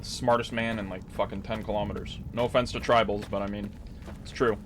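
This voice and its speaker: A man's voice: lowish voice, flat delivery, fairly quick, noisy background. A young Canadian man giving casual, sweary, joking let's-play commentary. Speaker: gaming video host.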